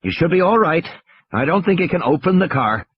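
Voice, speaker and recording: A man voicing a steady man giving firm orders. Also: fairly high pitch, fairly quick, highs cut off, pitched above the performer's own voice, lightly acted. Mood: firm, calm. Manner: firm, instructing. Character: calm steady adult man on a radio, giving firm instructions.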